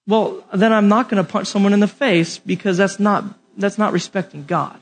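A young man teaching a Bible lesson from an outline, animated and often asking the audience questions. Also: sits high, moderate pace, hardly any pauses.

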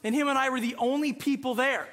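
A man preaching a sermon as a pastor, telling a lively story and acting out the voices in it. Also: very high-pitched, fast. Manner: animated storytelling, acts out voices.

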